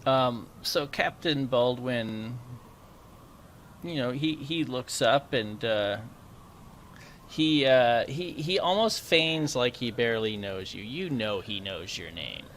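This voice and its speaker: A man narrating as game master of a tabletop game, wry and unhurried. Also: mid-range voice, animated, a bit bright. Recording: noisy home recording.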